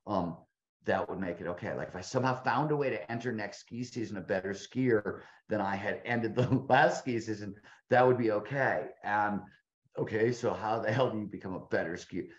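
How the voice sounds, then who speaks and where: A man's voice: on the low side, normal speed. A man in his fifties, a guest author telling a long story in a casual interview, rambling with frequent restarts and fillers. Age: 50s. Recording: roomy, dull lo-fi sound.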